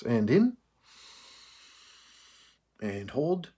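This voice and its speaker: A man leading a choir through breathing and vocal warm-ups, calm and patient, counting out each breath. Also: medium pitch, very slow, slightly rough. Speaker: choir director.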